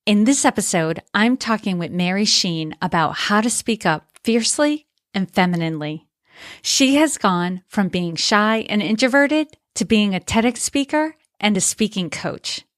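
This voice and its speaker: A woman's voice: medium pitch, expressive, normal speed, no echo, studio quality. A woman from Massachusetts hosting a podcast, reading a scripted intro and introducing her guest. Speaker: podcast host and leadership coach.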